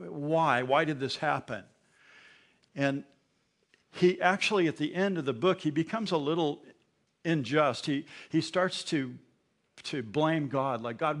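A man's voice: on the high side, a bit bright. A man preaching a sermon, reading scripture aloud with emphasis and explaining it to his congregation. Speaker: pastor.

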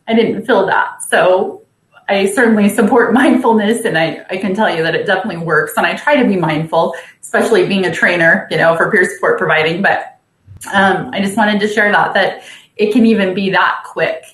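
A woman, a caseworker and peer support trainer, sharing hesitantly with many pauses on a video call from her office at work. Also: medium pitch, roomy sound, low-quality recording. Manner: soft, hesitant, many ums, laughs often. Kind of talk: sharing in a group mindfulness session.

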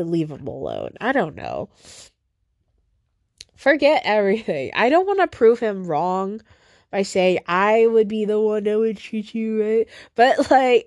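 A woman's voice: medium pitch, no echo, studio quality. A young woman hosting a solo podcast, venting in a rambling, frustrated way, swearing and often breaking off mid-sentence. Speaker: podcast host.

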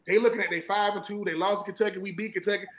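A man from Georgia with a Southern American accent, a former college football player talking football as a guest in an animated, emphatic way and often repeating himself. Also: sits high, rapid-fire, slight background noise, rough recording. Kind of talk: casual sports talk.

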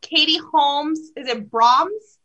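A woman co-hosts a loose, casual conversation about films. Her voice sits high and sounds bright and crisp. She talks in an animated way. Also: takes it slowly, highs cut off. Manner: animated, reads out nominee lists. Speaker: podcast co-host. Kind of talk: casual group chat about movies.

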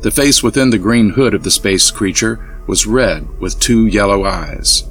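A man narrating an audiobook in a steady, measured storytelling manner. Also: lowish voice, faint music behind. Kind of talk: scripted narration.

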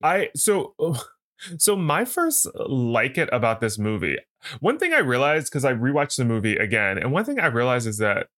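A man co-hosting a podcast, casually retelling a film scene in a rambling, animated way with lots of fillers. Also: medium pitch, moderate pace. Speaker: podcast co-host. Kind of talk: casual chat about a film.

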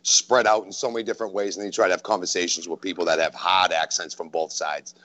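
A man's voice: deep voice, steady tone, fast, bright, forceful tone. A man from New England with a Boston accent, co-hosting a podcast and telling rambling stories. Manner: rambling, storytelling, laughs often. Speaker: podcast co-host. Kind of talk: casual podcast chat.

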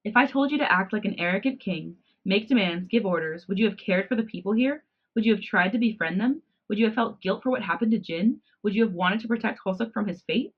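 A woman's voice: mid-range voice, fast talker, hardly any pauses, slightly rough, highs cut off. Woman doing a proud, scheming cat hybrid leader. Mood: cold, proud. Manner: cool, calculating, lecturing.

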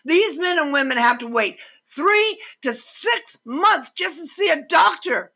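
An older American woman giving an impassioned, indignant political rant, swearing for emphasis, with a husky voice. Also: high voice, lively intonation, unhurried, hardly any pauses, pushed and bright. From United States. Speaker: vlogger.

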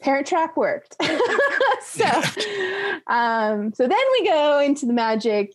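Young adult woman, tabletop player, chatty and laughing, doing quick voices in her recap. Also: a little high, darkish tone. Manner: giggly, rambling, slips into quick character voices. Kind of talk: casual recap of a tabletop game.

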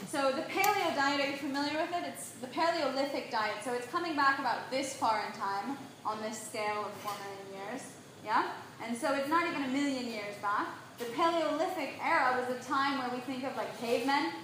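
A woman giving an animated lecture on diet to a live audience, often checking in with a quick "right?". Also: high-pitched. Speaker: nutrition speaker. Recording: very echoey room, faint background noise.

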